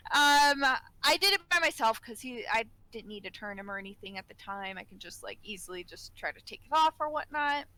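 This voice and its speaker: A woman's voice: a little high, lively intonation, normal speed, pushed and bright, low-quality recording. A woman co-hosting a casual podcast, telling a work story and laughing often as she talks. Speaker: podcast co-host, care worker.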